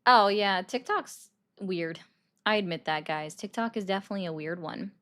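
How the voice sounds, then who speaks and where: A young woman hosts a casual live stream and talks loosely to her viewers. She reacts to their comments as they come in and takes calls between news items. Her pitch sits in a middle range. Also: moderate pace, a bit bright. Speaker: livestream political commentary host.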